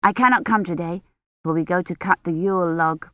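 A woman reading an audiobook voices an eager, bossy little noble girl in a high childlike tone. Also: fairly quick, no room sound, close to an everyday voice. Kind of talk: audiobook character voice. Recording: tinny phone-like sound, dry.

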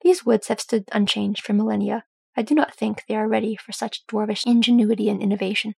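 A woman reading an audiobook, voicing a calm, gently teasing male elf who speaks in a soft, measured, courtly way. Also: mid-range voice, gravelly, husky, no room sound.

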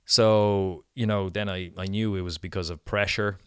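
A middle-aged Irish man tells a story on his podcast in a loose, chatty monologue, leaning on "you know" and small restarts. His voice sits very low and comes across smooth and resonant. The sound is dry and close, with no room echo. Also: fairly even intonation, normal speed. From Ireland. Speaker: podcast host.

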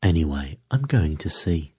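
A vain, proud film actress, haughty and dismissive, put on by a man reading a story. She speaks quietly in a low, husky voice. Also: big pitch swings, moderate pace, exaggerated voice.

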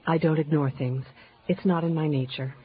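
An actress playing a stubborn, combative female lawyer in a radio drama, sharp and curt. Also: low voice, fairly even intonation, normal speed, a little hiss or hum, natural voice. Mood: indignant. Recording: dull lo-fi radio recording.

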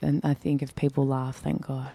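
Young woman, low-pitched, chatty and self-mocking, casual interview guest. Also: normal speed, gravelly, slightly rough, no echo. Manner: chatty, self-deprecating, animated when quoting herself. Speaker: guest, performer and MC. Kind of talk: casual chat.

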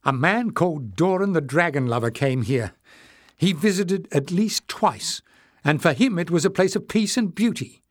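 A man's voice: fairly high pitch, lively intonation, moderate pace, no echo, pitched above the performer's own voice, lightly acted. A man playing a stubborn young heroine from a fantasy storybook, urgent and emphatic, her voice raised well above his own. The sound is dry and close.

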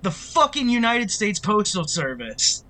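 Guy podcasting, loud sharp voice, angry swearing rant. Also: high voice, sing-song. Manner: angry, heavy swearing, quick storytelling. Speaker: podcast co-host. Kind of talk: casual profane rant.

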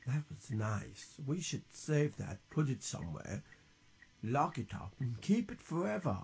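A man's voice: medium pitch, sing-song, unhurried, gravelly, slightly rough. A man chatting casually to himself and his viewers while making music on a stream, rambling and swearing freely. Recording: loud guitar music playing behind.

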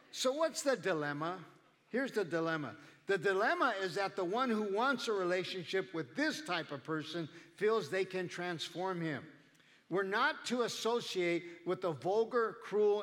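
A man's voice: high voice, fairly bright tone, big-room sound. A male pastor preaching a sermon in a conversational way, acting out the people he quotes. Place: church.

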